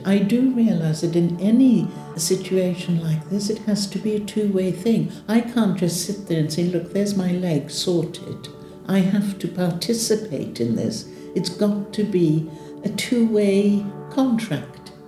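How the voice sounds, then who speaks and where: An older woman speaking frankly and wryly in an interview, acting out the voices she quotes. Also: mid-range voice. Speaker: patient sharing her story. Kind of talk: interview testimony. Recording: echoey room with soft music.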